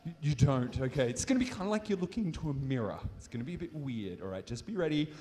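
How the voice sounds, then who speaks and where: On stage in a large, reverberant hall before an audience, an Australian man presents a live science demonstration. His warm, mid-range voice is very animated and fast as he jokes playfully with a volunteer and the crowd.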